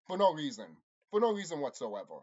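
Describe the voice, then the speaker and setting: A channel host delivering an angry, profane monologue to viewers, repeating himself and insulting his audience. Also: quick pace. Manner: lively swings in pitch and loudness. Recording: dull lo-fi recording.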